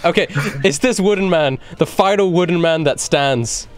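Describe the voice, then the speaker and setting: A man's voice: fairly high pitch, moderate pace, clean tone, faint music behind. A man running a tabletop game as game master, casually describing the action and the rules.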